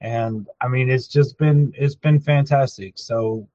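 A man's voice: medium pitch, fairly even intonation, unhurried, mellow, no room sound. Earnest man on dull remote audio. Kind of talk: casual talk show chat.

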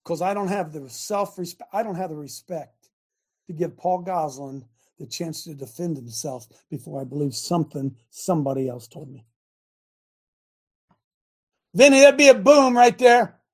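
A man hosting a call-in talk show, preaching with big swings from shouting to muttering. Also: normal speed. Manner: animated, swings from loud shouting to low mutters. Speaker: host.

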